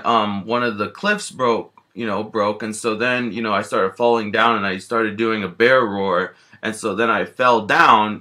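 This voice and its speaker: A man's voice: lowish voice, bright, forceful tone. A man casually telling a rambling first-person story as a bear character, filling his sentences with lots of "you know" and restarts.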